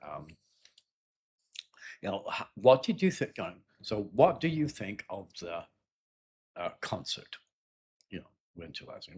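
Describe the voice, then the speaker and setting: A man explains speaking skills as a teacher in a relaxed, rambling way, with fillers and repeated words. His voice sits low and sounds husky and a little breathy. He clears his throat now and then as he talks. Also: a little slow, long pauses. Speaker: English exam teacher. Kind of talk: explanatory spoken lesson.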